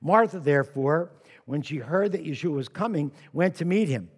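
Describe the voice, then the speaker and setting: A male pastor preaching a lively sermon, with personal asides and humor. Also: fairly high pitch, moderate pace, breathy edge. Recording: long hall reverb.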